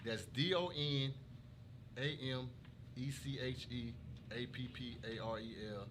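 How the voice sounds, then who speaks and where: Earnest guy on a talk show, bright tone, a bit of hiss. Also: medium pitch, a little slow. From Houston. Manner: earnest, emphatic, says "man" a lot. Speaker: guest, clothing brand owner. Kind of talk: casual chat.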